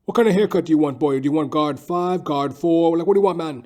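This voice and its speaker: A man's voice: a little high, quick pace, darkish tone, pitched above the performer's own voice, close to an everyday voice. A man putting on the voice of an impatient male barber, barking questions at a customer. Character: irritated male barber, gruff and pushy.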